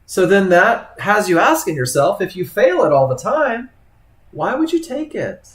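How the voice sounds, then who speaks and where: A man's voice: sits high, big pitch swings, unhurried, fairly bright tone. A man leading a live trading webinar, talking casually to students by name and acting out traders' thoughts. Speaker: trading instructor. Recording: echoey room.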